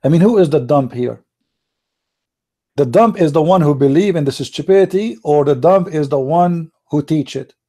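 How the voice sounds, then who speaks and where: A man, hosting a mocking commentary on pictures he shows, sarcastic and laughing with mock excitement. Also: a little high, normal speed. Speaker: channel host.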